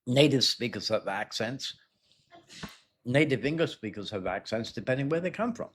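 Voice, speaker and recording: A man teaching an exam-prep lesson in a loose, conversational way, often clearing his throat and repeating words. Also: mid-range voice, expressive, moderate pace, fairly bright tone. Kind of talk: explanatory spoken lesson.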